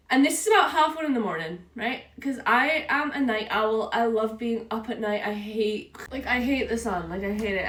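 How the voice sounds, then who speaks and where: A woman's voice: a little high, a little hiss or hum. Chatty woman vlogging in an echoey room. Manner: chatty, animated, frequent "right?" and "like". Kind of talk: casual storytelling vlog. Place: room at home. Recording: echoey room, a bit far from the mic.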